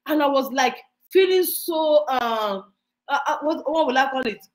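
A woman's voice: high-pitched, animated, a little slow, rough recording. A woman pastor preaching and leading prayer, with fervent, repetitive declarations to an online audience. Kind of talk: sermon and prayer.

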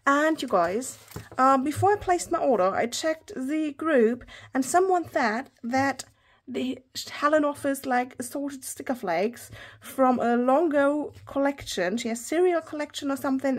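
A high-voiced woman gushes her way through a stationery haul, often slipping into a soft whisper. Her voice is husky and breathy, with packaging crinkling around her words. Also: sing-song, measured pace. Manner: gushing, often drops to a whisper. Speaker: planner vlogger. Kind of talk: casual haul unboxing.

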